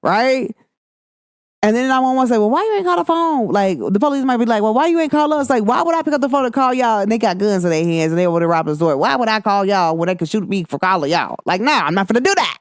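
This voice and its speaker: Animated woman podcaster, dry close sound. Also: mid-range voice, fast, no echo. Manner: animated, expressive, acts out quoted lines. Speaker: podcast host. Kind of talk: casual chat.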